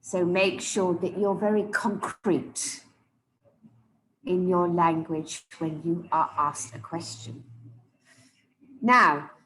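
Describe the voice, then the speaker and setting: A woman coaching public speakers live, emphatic and deliberate, often repeating key words for stress. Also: on the low side, steady tone, a bit bright, echoey room, slight background noise, low-quality recording. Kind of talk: live speech evaluation to an audience.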